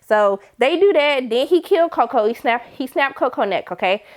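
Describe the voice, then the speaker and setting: A young woman talks through a TV episode in a loose, sassy style, cursing freely and throwing herself into the characters' lines. Her voice sits high and swings widely in pitch. She keeps the energy up the whole way through. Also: normal speed. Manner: animated, sassy, swears a lot, does voices for characters. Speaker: TV episode recap vlogger. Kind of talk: casual recap with acted-out quotes.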